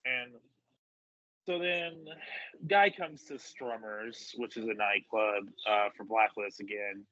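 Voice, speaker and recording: A man's voice: on the low side, takes it slowly, fairly bright tone, muffled recording. A man telling wrestling stories in casual chat, swearing freely and acting out what people said. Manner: profane, acts out voices in quotes. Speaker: wrestler guest.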